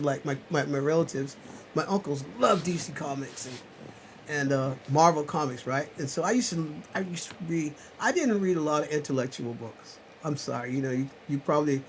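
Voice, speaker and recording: A man from South Carolina hosting a live chat at his home computer, rambling and preaching, swinging from loud insistence to muttered asides. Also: a little high, a little hiss or hum, low-quality recording. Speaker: channel host on a live chat. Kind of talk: rambling preachy livestream talk. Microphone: computer webcam mic.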